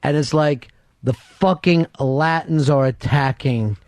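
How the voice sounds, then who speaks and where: A man with a high voice hosts a talk radio show, spinning a long story full of swearing and laughing along as he goes. The sound is close and dry, with almost no room, from a studio microphone. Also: slow pace, darkish tone, dry recording. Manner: profane, laughs through his own story.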